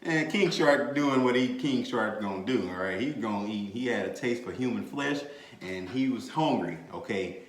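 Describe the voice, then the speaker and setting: A man hosting a podcast, chatting casually about a movie in an animated, slangy way, laughing and swearing freely. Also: medium pitch, moderate pace. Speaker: podcast host. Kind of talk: casual movie review chat. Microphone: desk mic, bumped at times. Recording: echoey room.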